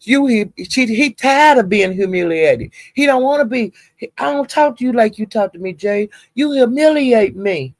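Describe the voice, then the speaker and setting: A woman's voice: on the high side, animated, normal speed, darkish tone, no echo, voice pushed up, lightly acted. A woman voicing a man who whines about being humiliated. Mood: whiny.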